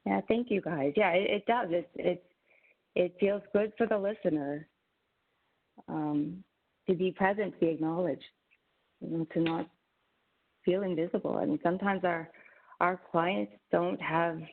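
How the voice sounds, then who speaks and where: Lowish gravelly woman teaching a webinar, casual, restarts a lot, phone-thin sound. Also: fairly even intonation, unhurried, pauses often. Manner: conversational, with frequent restarts. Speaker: webinar presenter, social worker. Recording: tinny phone-like webinar audio.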